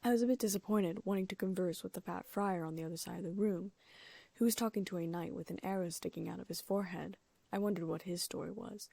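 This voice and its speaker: A woman reading a first-person fan fiction audiobook, giving the characters' lines small lifts in pitch and loudness. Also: fairly even intonation, fast, gravelly, no echo. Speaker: audiobook narrator.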